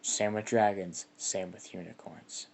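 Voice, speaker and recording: A man narrating a homemade fan story in a loose, rambling way, leaning on filler words as he goes. His voice sits on the low side. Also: steady tone, unhurried, gravelly, darkish tone.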